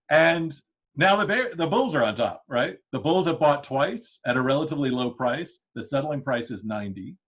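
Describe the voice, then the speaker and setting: A man's voice: mid-range voice, expressive, moderate pace, a bit bright. A man giving an interactive classroom lecture, talking loosely with many fillers and restarts, often chuckling. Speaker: history lecturer. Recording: dull lo-fi lecture recording.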